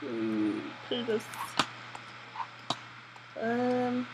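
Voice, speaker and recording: A woman's voice: a little high, very slow, noisy background. Jittery woman gamer on a lo-fi laptop mic. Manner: jittery, excitable, swearing at her character. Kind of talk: let's play commentary. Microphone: built-in laptop mic.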